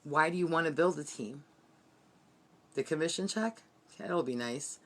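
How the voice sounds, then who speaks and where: A woman's voice: deep voice, lively intonation, a little slow. A woman giving an earnest, heartfelt motivational team training from her bedroom. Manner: earnest, heartfelt, repetitive pep-talk.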